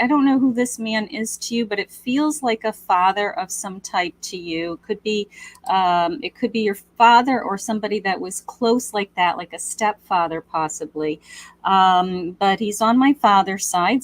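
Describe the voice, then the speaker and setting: A woman hosting a live psychic reading for viewers, speaking gently with endearments and many fillers. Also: medium pitch, no echo. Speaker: psychic medium host.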